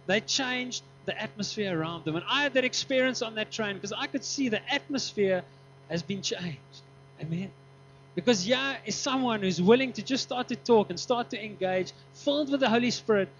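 A high-voiced man preaches to his congregation, telling a story and acting out each person in it. He laughs often as he talks. The recording is dull and lo-fi, with a faint mains hum underneath. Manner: animated, acts out quoted dialogue, laughs often. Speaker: pastor. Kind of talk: sermon with storytelling.

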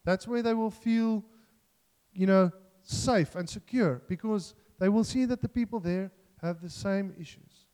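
A man's voice: high voice, measured pace, darkish tone, clean tone, long reverb tail. A man preaching a sermon in an earnest, self-deprecating way, joking and restarting as he talks.

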